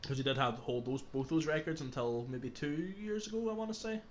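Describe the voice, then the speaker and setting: An Irish man co-hosting a casual streamed chat, trading dry, low-key banter. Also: a little fast, slight background noise. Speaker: streamer co-host.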